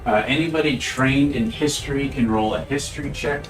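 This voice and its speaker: A man narrating as game master of a tabletop game, unhurried and filling pauses with "uh". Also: medium pitch. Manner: unhurried narration with frequent uh fillers. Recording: distant mic with faint background music.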